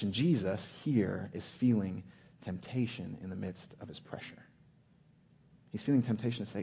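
Male preacher, earnest sermon delivery; low, husky, mellow tone. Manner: earnest, slows and drops to a hush for emphasis.

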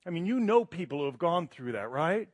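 A man's voice: on the high side, sing-song, brisk, no room sound. A middle-aged man delivering a sermon as a guest preacher, chatty and self-deprecating, building to emphatic passages. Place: church sanctuary.

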